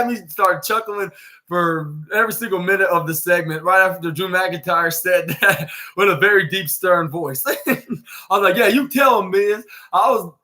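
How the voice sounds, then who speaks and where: Young guy rambling thru a podcast recap, high voice, lots of "like". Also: pushed and bright. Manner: rambling, heavy on fillers, acts out quotes. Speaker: podcast host. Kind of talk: casual wrestling recap.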